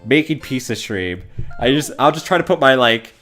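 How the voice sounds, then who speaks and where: A man's voice: medium pitch, lively intonation, moderate pace, a bit bright, soft background music. A young man streaming a game from home, chatting casually, rambling and laughing as he reads chat comments aloud.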